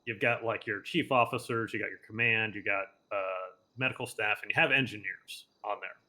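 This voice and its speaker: A man's voice: lowish voice, a little fast, pushed and bright. A man playing a senior lawyer in an online roleplay, giving advice in a patient, explanatory way with many filler words. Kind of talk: casual in-character mentoring chat.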